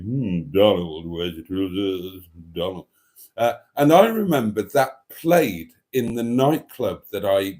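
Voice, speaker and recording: Lively-pitched man reading chat. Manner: reads chat aloud, sings snatches of songs, groans and mutters asides. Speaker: livestream host reading viewer comments. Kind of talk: casual livestream chat.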